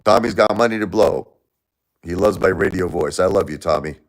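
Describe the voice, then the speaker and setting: A man hosting a casual livestream, talking emphatically and repeating himself, swinging between loud and quiet. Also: low voice, normal speed. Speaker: livestream host.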